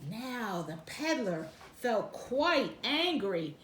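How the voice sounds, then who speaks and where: A woman reads a children's storybook aloud, very slowly and with a lively, sing-song voice. She is high-pitched and speaks straight to young listeners. The room is echoey, with faint noise behind her. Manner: expressive, sing-song, gasps for effect. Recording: roomy echo, faint background noise.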